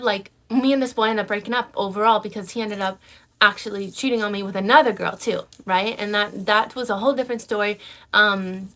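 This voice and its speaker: Young woman telling a story in casual chat. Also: fairly high pitch. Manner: animated storytelling, frequent "like" and "right?" fillers. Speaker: vlogger.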